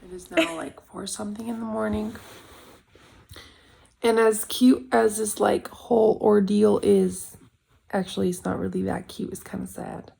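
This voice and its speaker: A woman in her twenties vlogs casually to camera, candid, blunt and self-critical, rambling with lots of "like." Her mid-range voice is warm and steady with vocal fry and a breathy edge, at a measured pace.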